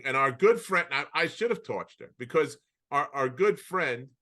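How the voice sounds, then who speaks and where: A man co-hosting a podcast over a video call, telling anecdotes in an animated way with many restarts. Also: medium pitch, normal speed. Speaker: podcast co-host. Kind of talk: casual storytelling chat.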